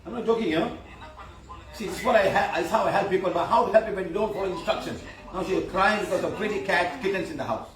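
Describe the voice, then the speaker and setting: A man's voice: sits high, fast. A man, a spiritual healer talking informally to a live audience, telling stories animatedly, acting out quotes and asking rhetorical questions. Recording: echoey room, far from the mic, faint background hum.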